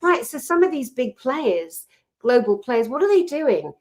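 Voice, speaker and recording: A woman co-hosting a casual chat, speaking in a passionate, outspoken, animated storytelling manner. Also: high-pitched, unhurried, a crowd in the background. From Britain. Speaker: co-host.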